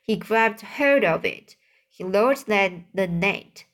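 A woman reads a children's book aloud at an unhurried, slow pace. She halts here and there and restarts a word before going on. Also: mid-range voice, expressive. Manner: halting, with small restarts. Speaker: reader.

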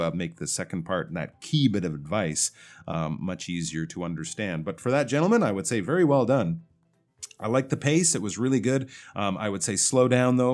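A man teaching English pronunciation, patiently explaining feedback on listener recordings and slowly drawing out words to demonstrate them. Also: fairly low pitch, darkish tone.

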